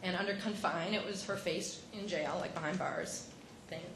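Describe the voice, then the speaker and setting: A woman giving a personal speech at an event, tearful and halting, often breaking off and restarting. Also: fairly low pitch, fairly even intonation. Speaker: speaker at an event. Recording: echoey hall with background noise.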